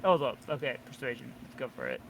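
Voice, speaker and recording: A man's voice: mid-range voice, wildly swooping pitch, fast talker, vocal fry. A man playing in a tabletop game, joking in a self-deprecating way. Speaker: player.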